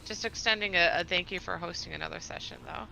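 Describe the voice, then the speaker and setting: Bright-voiced woman player, hesitant. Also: fairly low pitch, fast talker, vocal fry, a little hiss or hum. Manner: hesitant, filler-heavy, laughing. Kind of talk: casual chat.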